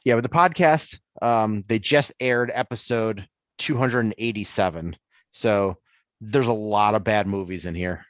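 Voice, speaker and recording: A man's voice: fairly low pitch, a little slow, no room sound. A man co-hosting a sports podcast in casual chat, easygoing and hesitant, with many ums. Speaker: podcast co-host.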